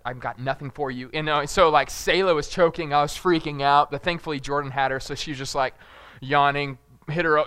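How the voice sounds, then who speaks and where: Bright jokey young male preacher. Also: on the high side, clean tone, dry recording. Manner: jokey, rambling storyteller who shouts acted-out panic. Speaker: pastor. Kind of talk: casual sermon with personal stories.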